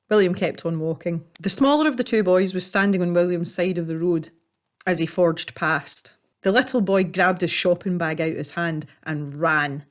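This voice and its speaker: A woman calmly narrating a story while she paints. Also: fairly low pitch. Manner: calm, measured storytelling. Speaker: artist and storyteller.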